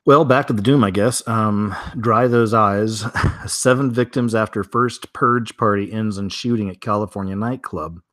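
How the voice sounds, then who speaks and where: Reading out odd news headlines, this host riffs on each one in a casual, offhand way full of asides. He has a fairly low, fairly bright voice at normal speed, captured in clean studio sound with no room sound.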